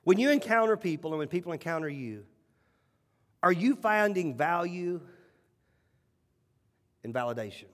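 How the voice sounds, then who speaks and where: A man with a high voice preaches a sermon, telling stories with animated emphasis and circling back on his key phrases. His words ring out with a long hall reverb, as if in a church sanctuary. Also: normal speed, pauses often. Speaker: pastor.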